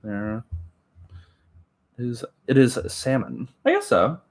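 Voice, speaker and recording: A man from Oklahoma hosts a relaxed livestream, chatting loosely with his viewers. He rambles and giggles, restarting sentences and filling gaps with filler words, in an everyday mid-range voice. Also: medium pitch, slow. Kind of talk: casual chat with live viewers.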